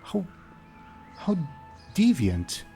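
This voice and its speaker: A man voicing a panicking noblewoman in a tabletop game, frantic and shrill. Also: huge pitch swings, very slow, creaky, warm tone, faint music behind, exaggerated voice. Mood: haughty. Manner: frantic, shrieking.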